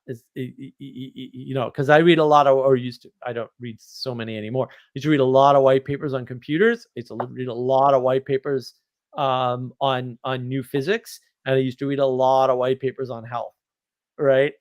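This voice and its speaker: A man's voice: mid-range voice, no echo. Blunt, joking man on a dry mic. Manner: blunt, joking, self-deprecating. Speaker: host. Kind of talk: casual rambling chat.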